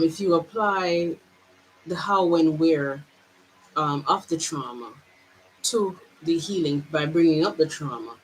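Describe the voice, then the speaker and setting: A woman vlogger with a Jamaican accent, pouring out her feelings in a halting personal monologue full of restarts. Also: sits low, a little hiss or hum, low-quality recording.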